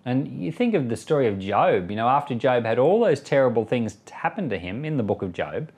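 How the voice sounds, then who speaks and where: A man's voice: mid-range voice, very animated, brisk, darkish tone. A pastor reading scripture and then giving conversational commentary, sometimes acting out the people he quotes. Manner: conversational, acts out quoted voices. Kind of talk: Bible reading with spoken commentary.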